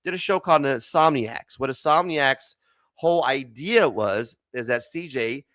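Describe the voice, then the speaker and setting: A man's voice: medium pitch, lively intonation, unhurried, a bit bright, no room sound. A man from Arizona hosting a casual late-night comics show, joking and laughing often. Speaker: host.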